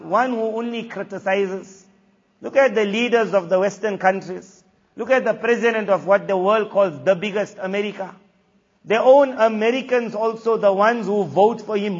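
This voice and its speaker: A man preaching a sermon, impassioned and scornful in turns, quoting Arabic verses. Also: sits high. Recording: dull lo-fi audio in a long-reverb hall.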